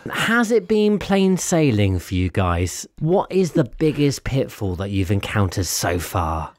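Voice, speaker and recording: A man hosts a relaxed conversation, tossing in quick jokes between questions. His pitch moves around a lot, and the sound is dry and close. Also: no echo. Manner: jokey, quick quips. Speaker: host. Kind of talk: casual chat.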